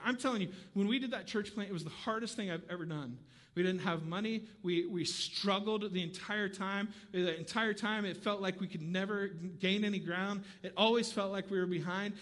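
Guy pastor preaching, kinda high voice, chatty asides, goes from quiet to almost yelling. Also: normal speed. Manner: animated, swings from quiet to near-shouting; conversational, with restarts and asides. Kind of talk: sermon storytelling.

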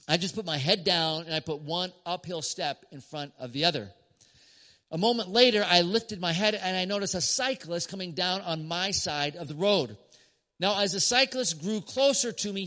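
A male pastor tells a story from the pulpit with a bright, slightly high voice, pausing for emphasis and laughing now and then. His words ring out with a long reverb in a large hall. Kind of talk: sermon story to a congregation.

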